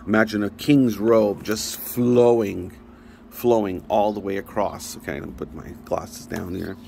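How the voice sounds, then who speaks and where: A man with a somewhat low voice leads a relaxed Bible study. He talks in a loose, conversational way, often restarting his sentences. A faint background noise sits under his voice. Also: measured pace, vocal fry. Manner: conversational and rambling, with frequent restarts. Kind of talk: casual Bible study teaching.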